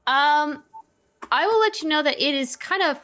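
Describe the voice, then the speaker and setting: A woman's voice: sits high, expressive, moderate pace, a bit bright. Hesitant woman game master. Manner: hesitant, filler-heavy, descriptive. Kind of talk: narrating a tabletop game.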